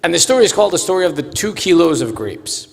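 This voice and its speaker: A man's voice: fairly high pitch, quick pace, vocal fry. Man telling a story at a mosque. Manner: animated storyteller. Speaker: speaker at a mosque fundraiser. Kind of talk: storytelling sermon.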